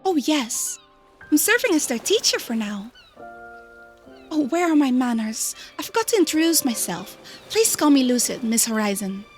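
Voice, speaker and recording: A gentle young teacher, as a woman reads her part in a story game. She speaks softly and courteously with a high, lively voice and an unhurried delivery. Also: faint music behind. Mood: polite. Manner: soft, courteous, apologetic.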